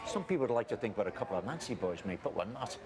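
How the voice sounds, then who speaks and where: An actor playing a blustery, defensive middle-aged farmer with a Scouse accent, in found-footage style. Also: male voice, lowish voice, big pitch swings, rapid-fire. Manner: blustery, defensive, calls people mate. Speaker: farmer guarding his cousin. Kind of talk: found-footage film acting. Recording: noisy handheld camera audio.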